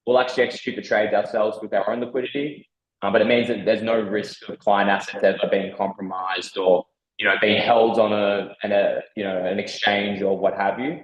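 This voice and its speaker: A man answering a host's questions as a guest, explaining carefully with many pauses and ums. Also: fairly low pitch, steady tone, echoey room, muffled recording. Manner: measured, many ums and restarts. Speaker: guest from a crypto broker. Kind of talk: explaining in an interview.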